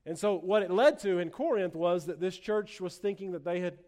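Guy with a high voice preaching, earnest, stumbles and repeats words sometimes. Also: brisk, darkish tone. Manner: earnest, repeats words when restarting, voices sarcasm in quotes. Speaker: pastor. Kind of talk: sermon.

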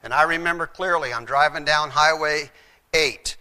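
A man's voice: on the high side, normal speed, pushed and bright. A middle-aged man, a former chaplain, telling his faith testimony in an earnest storytelling way and acting out the voices in his story.

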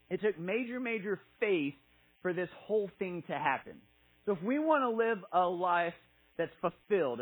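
Man, high husky voice, casual sermon, animated storytelling. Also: low-quality recording. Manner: animated, acts out characters in a playful storytelling way.

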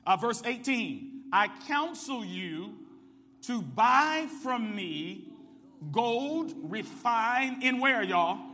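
A man preaches in a high, bright, ringing voice, pulling the congregation into call and response and climbing up to shouts. His microphone carries a long reverb through a big church sanctuary. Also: expressive, very slow. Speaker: pastor. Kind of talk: sermon. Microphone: microphone with ring.

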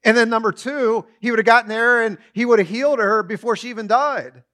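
A man preaching a sermon, retelling a story with animated storytelling and short acted-out quotes. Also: extremely high pitch, fairly quick.

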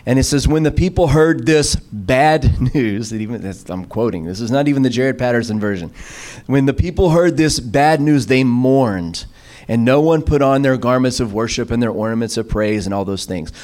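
A middle-aged man preaching a sermon as a pastor, telling stories with many restarts and acting out quoted voices with sudden jumps in pitch. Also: normal speed, a little mellow. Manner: storytelling with many fillers and restarts.

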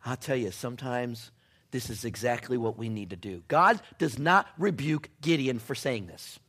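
A man preaching a sermon in a chatty storytelling way, full of "you know" and "like", and dropping to a hush now and then. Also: medium pitch, expressive, moderate pace, slightly rough. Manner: conversational storytelling with many fillers, sudden drops to a hush.

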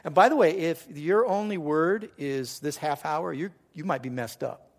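Animated preaching man, fairly high voice. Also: normal speed. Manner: animated storytelling with quoted voices. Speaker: pastor. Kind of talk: sermon.

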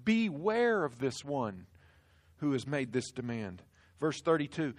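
A man preaching a sermon, walking the congregation through scripture and swinging from hushed to loud for emphasis. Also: medium pitch, sing-song, a little slow. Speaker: pastor.

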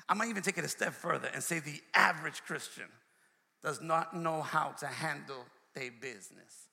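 A man's voice: fairly high pitch, vocal fry, sharp tone. A man preaching a sermon, emphatic and repetitive, calling out to the congregation. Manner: emphatic call-and-response preaching, repeats phrases. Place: church sanctuary. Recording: long hall reverb.

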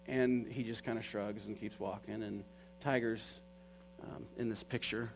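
A man's voice: fairly low pitch, fairly even intonation, normal speed, vocal fry, poor audio. A man telling a personal story in an earnest, conversational way, with many fillers. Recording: faint mains hum.

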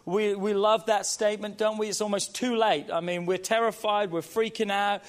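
A male pastor preaching a sermon, emphatic and repetitive, urging his congregation, slowing and stretching key phrases. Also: high voice, flat delivery.

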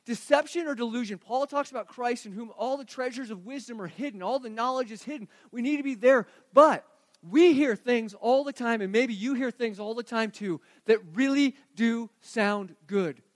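A man with a strikingly high voice delivers a sermon, moving between hushed scripture reading and emphatic, rising appeals. The sound is close and dry, with no room around it. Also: normal speed, no room sound. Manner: earnest preaching, swings from quiet reading to emphatic rising delivery. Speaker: pastor.

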